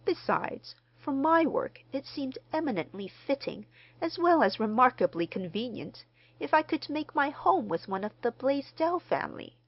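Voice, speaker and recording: A woman reading the part of a mild, courteous gentleman stranger who speaks formally. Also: high-pitched, very animated, moderate pace, muffled recording, pitched above the performer's own voice, full character voice. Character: mild, polite middle-aged gentleman stranger.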